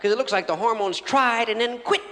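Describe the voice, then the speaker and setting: A man's voice: extremely high pitch, a little fast, crowd noise, background noise. A man doing a live stand-up routine, rambling through stories and acting out scenes on a theatre stage. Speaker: stand-up comedian. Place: large theatre stage before an audience. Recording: reverberant live theatre recording from 1984.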